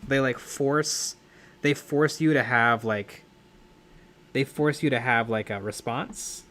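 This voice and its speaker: Young male streamer, mid-pitched, loose rambling chat with frequent restarts. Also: takes it slowly, a bit bright. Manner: rambling, self-correcting, laughs often. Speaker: livestream host. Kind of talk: casual live-stream chat while painting.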